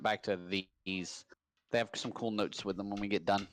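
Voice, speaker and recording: A man hosts a live trivia night from home, talking in a loose, rambling way and firing off quick bursts of hype. His voice sits at an ordinary pitch. The sound is dry and close, with little room echo. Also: steady tone. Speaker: trivia host. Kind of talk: casual live-stream trivia hosting.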